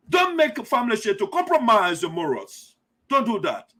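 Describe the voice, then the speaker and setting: A man's voice: high voice, wildly swooping pitch, a little fast, pushed and bright. A man hosting a heated, preachy commentary show, repeating himself and accusing people. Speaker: community radio commentator.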